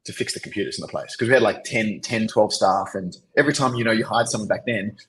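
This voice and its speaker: A low-voiced Australian man telling a long story as a podcast guest. He rambles through his anecdotes, padding nearly every phrase with "you know" and "like". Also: quick pace, fairly bright tone, a little hiss or hum, rough recording. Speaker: podcast guest, agency founder. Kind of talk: casual interview storytelling.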